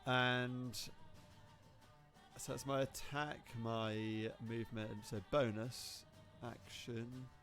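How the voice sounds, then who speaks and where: A man's voice: mid-range voice, flat delivery, drawn-out words, fairly bright tone, soft background music. A man playing a tabletop game online, hesitant and full of ums, often laughing at his own bad rolls. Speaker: player. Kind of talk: casual tabletop game chat.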